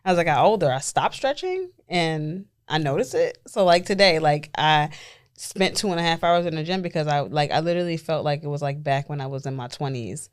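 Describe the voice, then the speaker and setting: A woman in her early thirties with a low voice chats casually as a podcast co-host. She rambles and hedges, stacking "like" and restarts as she works toward her point. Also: lively intonation, a little fast. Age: 30s. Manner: rambling, filler-heavy, full of "like". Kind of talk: casual chat.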